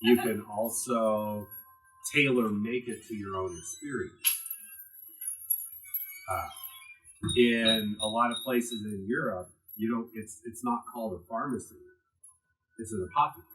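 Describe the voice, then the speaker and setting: A man with a slightly low voice lectures a class in a gallery room, swinging his emphasis up and down as he goes. He keeps a loose, conversational tone with plenty of asides to the audience. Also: measured pace, long pauses, soft background music, low-quality recording. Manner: animated, strongly varied emphasis, conversational asides. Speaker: class teacher.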